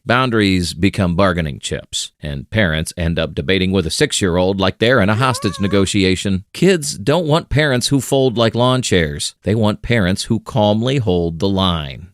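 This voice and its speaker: A man narrates a scripted explainer with a wry, punchy delivery and sarcastic asides. His voice sits fairly low, and the recording is dry and close. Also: lively intonation, measured pace, no room sound.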